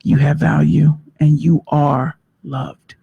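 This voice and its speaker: A woman's voice: deep voice, little pitch movement, slow, creaky, breathy edge, narrow, tinny audio. A woman with a Nigerian accent, a guest coach, talking in an emphatic, motivational way and often repeating her phrases. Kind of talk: interview conversation.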